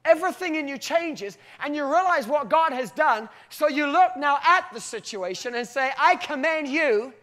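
High-voiced man preaching a sermon. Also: moderate pace, few pauses. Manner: animated storytelling, often breaking into acted voices.

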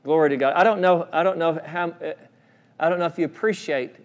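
Inside a church sanctuary, a pastor with a fairly high voice preaches briskly, repeating phrases and calling for responses from the congregation. A long church reverb trails his words.

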